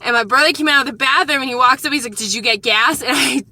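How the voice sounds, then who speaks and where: A woman's voice: high-pitched, steady tone, racing, sharp tone. A woman vlogger earnestly recounting an unsettling encounter in a rambling, casual way and warning viewers to be careful. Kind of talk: casual storytime vlog.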